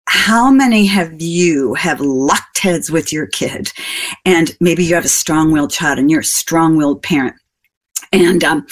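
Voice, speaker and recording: An older woman giving a parenting talk, chatting with the audience, asking them questions and telling stories from her own family. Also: low voice. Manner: conversational, asks the audience questions and tells personal stories. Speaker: parenting speaker.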